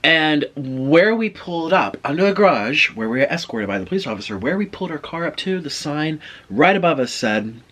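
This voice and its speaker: A man's voice: a little high, very animated, brisk, hardly any pauses, fairly bright tone. A man vlogging, telling a chatty story in a casual way between bites of food. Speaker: mukbang vlogger. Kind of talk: casual storytelling while eating.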